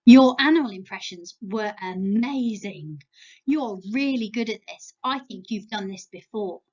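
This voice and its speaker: With a mid-range voice and the highs cut off in the recording, an English woman leads a children's Bible lesson at church. Slow, animated and playful, she encourages the youngsters to take part, filmed as a home video.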